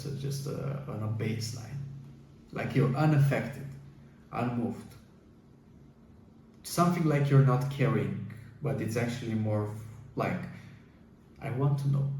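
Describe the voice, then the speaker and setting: Offering relationship advice in a laid-back, coaching way, a man speaks in a warm, medium-pitched voice, stumbling through fillers and starting over often. The room is echoey, and he sits far from the microphone, with a faint hiss in the background.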